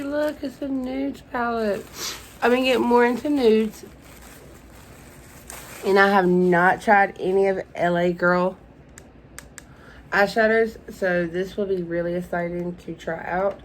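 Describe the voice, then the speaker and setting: A young woman chatting through a casual beauty unboxing vlog, gushing and openly emotional as she talks to her viewers. Her voice sits a little low for a woman. A faint hiss runs under the recording. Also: low-quality recording. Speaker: beauty vlogger.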